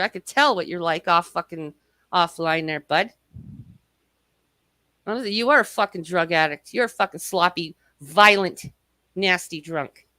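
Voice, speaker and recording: A woman hosting a live stream tears into someone with a fierce, profane, mocking rant. Her voice is bright and cutting. The sound is close and dry, with no room around it. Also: on the low side, no echo. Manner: angry, cursing, mocking. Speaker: livestream host.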